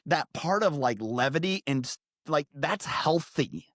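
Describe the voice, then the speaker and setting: A man's voice: on the high side, animated, measured pace, a bit bright, no echo, clean studio sound. A man hosting a podcast, talking loosely and casually with lots of fillers. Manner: loose, rambling, filler-heavy talk. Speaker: podcast host.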